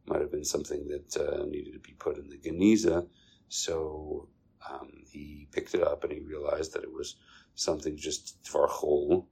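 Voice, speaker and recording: A man's voice: low voice, vocal fry, mellow, low-quality recording. A man giving an informal Torah talk, telling stories and stopping often for fillers. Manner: storytelling with many fillers and Hebrew terms. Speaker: Torah teacher.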